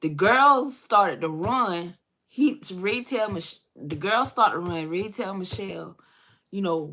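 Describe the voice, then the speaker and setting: A woman's voice: medium pitch, animated, slow pace, pushed and bright, a little hiss or hum. A woman in her thirties telling a story casually to her viewers while doing her makeup, talking straight to them and cursing freely. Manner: chatty, addresses viewers as y'all, profane. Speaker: beauty vlogger.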